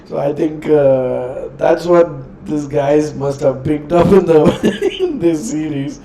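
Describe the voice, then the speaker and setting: A man hosting a reaction video in casual commentary, often pausing to search for words. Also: on the high side, animated, mellow, a little hiss or hum.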